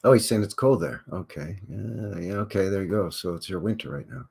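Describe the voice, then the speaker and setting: A man's voice: sits low, fairly quick, gravelly, darkish tone, slightly rough. A man hosting a rambling live stream, talking with viewers in a folksy, conversational way full of fillers and asides. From Canada. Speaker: livestream host.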